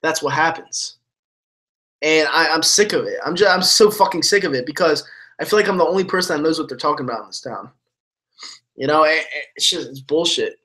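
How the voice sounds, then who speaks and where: On the high side, brisk, pushed and bright, the voice belongs to a man angrily ranting on stream about his football team while replying to viewers. He curses heavily and stumbles, restarting sentences as he rambles on.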